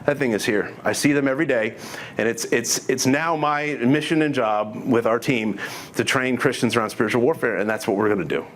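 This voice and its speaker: A man's voice: medium pitch, fairly quick, a bit bright, slight background noise. A middle-aged man telling his testimony to an audience in an earnest, conversational way, restarting sentences often. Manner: earnest, conversational, with many restarts and quoted dialogue. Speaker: speaker giving a testimony.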